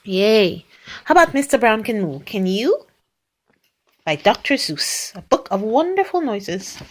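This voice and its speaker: A woman's voice: fairly high pitch, sing-song, unhurried. A woman reading picture books aloud to a young child, playfully acting out animal noises and sound effects.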